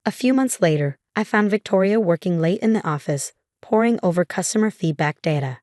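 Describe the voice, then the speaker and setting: Give me a woman with a slightly low voice reading a first-person story calmly. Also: brisk, few pauses, no echo, studio quality. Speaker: narrator.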